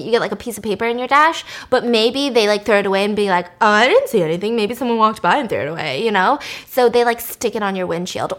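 A woman's voice: a little high, fairly bright tone. A young woman casually recapping a drama, chatty and blunt, full of fillers and the odd swear word.

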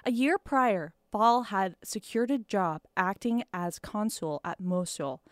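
A woman's voice: mid-range voice, slow pace, no echo, studio quality. A woman co-hosting a casual podcast who tells a dramatic history story in a serious narrating voice. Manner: giggly, breaks into laughter, then reads seriously.

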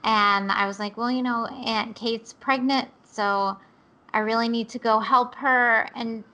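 A woman recounting a story to friends, hesitating with fillers. Her melody stays flat, and her tone is bright and a little high. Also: measured pace, rough recording. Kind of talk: casual storytelling among friends.

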